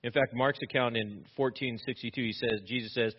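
A man preaching an expository sermon, asking rhetorical questions and acting out quoted lines with sudden rises in pitch and loudness. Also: a little fast, hardly any pauses, husky. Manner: animated, rhetorical questions, acts out quotes with rising pitch and volume. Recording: slightly dull lo-fi sound.

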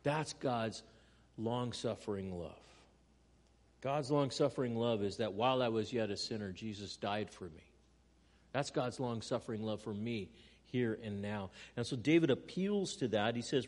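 A man preaching a sermon, earnest, moving between loud emphatic lines and quiet, hushed ones. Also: fairly low pitch, normal speed, long reverb tail. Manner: earnest preaching with dramatic swings in volume. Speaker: pastor.

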